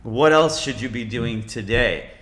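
Man, blunt, profane, fired-up, motivational chat, mid pitch, roomy echo. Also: measured pace, a bit bright. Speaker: podcast guest, entrepreneur.

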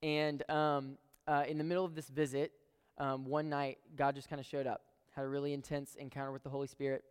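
Young man, preacher, earnest storytelling sermon, clear resonant voice, long hall reverb. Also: mid-range voice, flat delivery, brisk. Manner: storytelling, earnest, addresses crowd as guys.

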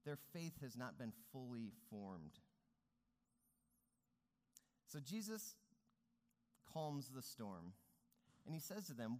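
A man's voice: mid-range voice, very animated, slow, long pauses, darkish tone. A man preaching a sermon as pastor, speaking earnestly with rising and falling emphasis. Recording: long reverb of a large hall.

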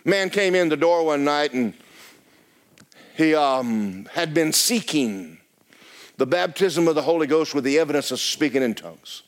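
Animated preaching man, lively pitch. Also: a little slow. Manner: animated preaching, swinging from hushed to shouting. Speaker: pastor. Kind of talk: storytelling sermon. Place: church sanctuary.

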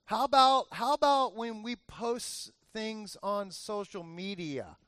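A man's voice: sits high, takes it slowly, a bit bright, no room sound, clean studio sound. A male pastor giving a conversational sermon, often repeating phrases for emphasis and adding joking asides.

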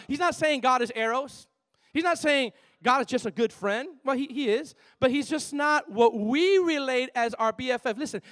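A man preaching a sermon in an animated, playful way, moving between loud and soft. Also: high voice. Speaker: pastor.

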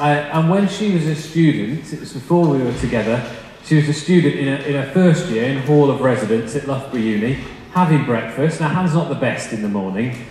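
A man's voice: medium pitch, darkish tone. A young man preaching a sermon, telling funny stories in a chatty, self-deprecating way before turning to the scripture. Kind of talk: storytelling sermon. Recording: echoey hall with long reverb, faint noise.

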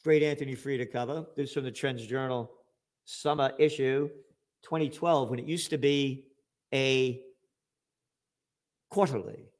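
Profane ranting man, slow delivery. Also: mid-range voice, steady tone. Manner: profane, shouting outbursts, sarcastic jabs. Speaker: commentator. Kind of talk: angry political rant.

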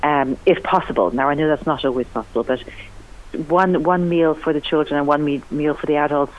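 A woman's voice: sits low, brisk. An enthusiastic woman talks about cooking as a guest on a radio show. Her voice jumps up for emphasis as she chats. The sound is dull and lo-fi, like an old broadcast. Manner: chatty, enthusiastic, lively rising emphasis. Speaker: cookery writer and TV cook, guest. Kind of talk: radio interview chat.

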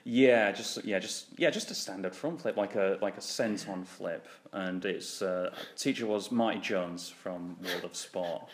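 A man's voice: low-pitched, measured pace, hardly any pauses. A man hosting a podcast, chatting in a rambling way, swearing a lot and laughing often. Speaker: podcast host. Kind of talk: casual chat.

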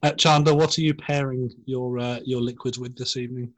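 A man's voice: medium pitch, steady tone, fairly quick, no room sound. Dry-sounding man asking questions. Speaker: podcast co-host. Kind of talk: casual banter podcast.

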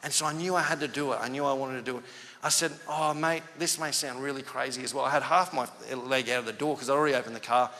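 A man's voice: medium pitch, fast, in a large hall. A male pastor, telling a story in a conversational sermon and acting out the dialogue. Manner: animated, conversational, acts out quoted dialogue.

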